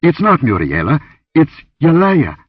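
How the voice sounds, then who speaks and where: A man voicing a blunt, commanding barbarian warrior in an audiobook, gruff and grunting. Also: a little high, wildly swooping pitch, a little slow, no echo, far from the mic, dull audio, voice pushed up, exaggerated voice. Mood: alarmed.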